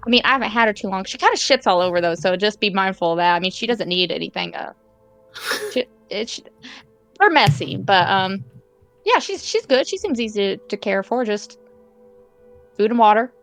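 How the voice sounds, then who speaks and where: Halting woman player at a game table. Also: mid-range voice, animated, a bit bright, faint music behind. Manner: halting, full of fillers and restarts, laughs often. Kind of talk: casual tabletop game chat.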